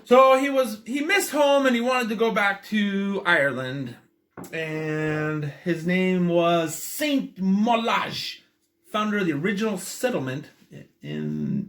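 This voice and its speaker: He's a vlogger sampling a drink, chatting casually with enthusiasm and rambling through many fillers. His voice sits high with a fairly bright tone.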